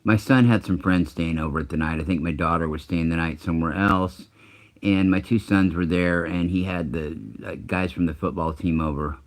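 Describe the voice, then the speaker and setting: A middle-aged man with an extremely low, rumbling voice tells a long personal story in a loose, conversational way. He swears freely, doubles back on himself and restarts his sentences as he goes. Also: fairly even intonation, moderate pace. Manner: rambling, profane, self-interrupting. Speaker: channel host. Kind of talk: casual storytelling.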